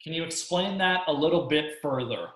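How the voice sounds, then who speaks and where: A man co-hosting a real estate coaching webinar in casual chat, relaxed, with plenty of fillers and easy laughs. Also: a little high, moderate pace. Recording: echoey room.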